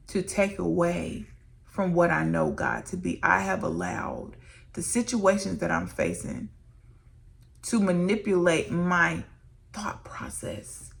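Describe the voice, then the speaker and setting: Earnest, gravelly-voiced woman minister. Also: lowish voice. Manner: earnest, emotional, addresses viewers as "y'all". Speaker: licensed minister and vlogger. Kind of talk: candid faith testimony to camera.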